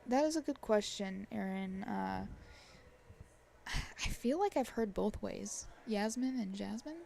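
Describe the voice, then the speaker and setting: A woman's voice: mid-range voice, expressive, slow, creaky, darkish tone. A woman commentating a live pool match in a chatty way, often checking in with "right?". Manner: chatty, tags lines with "right?".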